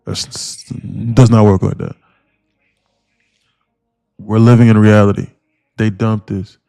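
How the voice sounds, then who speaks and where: A man giving live day-trading commentary on a stream, talking in an animated, emphatic way that keeps repeating and restarting phrases. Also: fairly low pitch, slow, creaky, smooth, no room sound, studio quality, soft background music.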